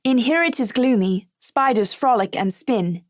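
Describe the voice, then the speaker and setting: Woman audiobook narrator, higher voice, dry close recording, even storytelling. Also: measured pace, no echo.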